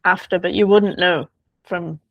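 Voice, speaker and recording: A woman author recalling a friend in a relaxed interview, chatty and quick to laugh. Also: on the low side, no echo, lo-fi sound. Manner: chatty, laughs often, trails off and restarts. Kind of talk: conversational interview.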